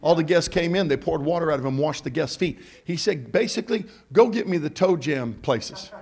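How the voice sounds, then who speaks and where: A middle-aged pastor preaching in church, his voice sitting a little high for a man. He drops into easy, joking asides, then climbs into shouted calls that draw answers from the pews. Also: animated, fairly quick, creaky, slightly rough. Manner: preaching with call-and-response, building to shouts; humorous, conversational asides. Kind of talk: sermon. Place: church sanctuary.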